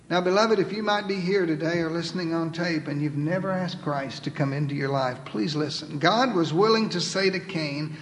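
Male pastor with a high voice, preaching emphatically in a reverberant church hall. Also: moderate pace, few pauses. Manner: emphatic preaching, quoting scripture, dropping to soft pleading. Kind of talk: sermon. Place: church sanctuary.

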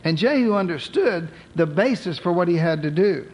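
Male preacher, high-pitched, lively storytelling sermon with jokes. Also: normal speed, poor audio. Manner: storytelling with humorous modern asides.

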